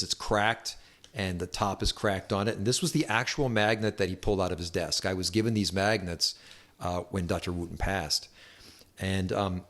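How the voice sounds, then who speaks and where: A chiropractor telling a story to camera in a relaxed, anecdotal way with wry asides. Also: male voice, lowish voice. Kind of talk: storytelling health talk to camera.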